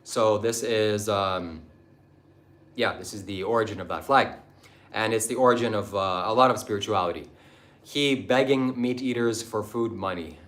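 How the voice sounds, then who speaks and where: A man's voice: fairly low pitch, moderate pace, fairly bright tone. A man hosting a livestream, answering viewers in a combative, mocking, preachy way. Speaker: livestream host. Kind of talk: livestream talk answering chat.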